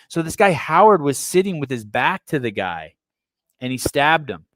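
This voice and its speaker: A man's voice: fairly high pitch, very animated, normal speed, a bit bright, no echo. A man from the San Francisco Bay Area hosting a podcast. He reads a news article aloud and breaks off into blunt, provocative, irreverent asides. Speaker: podcast host.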